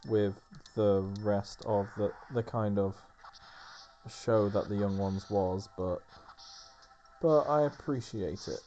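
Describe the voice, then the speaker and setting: A man's voice: fairly low pitch, slow, mellow, muffled recording, faint music behind. A man rambling casually over gameplay as a let's play host, with lots of fillers and restarts. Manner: rambling, filler-heavy chatter.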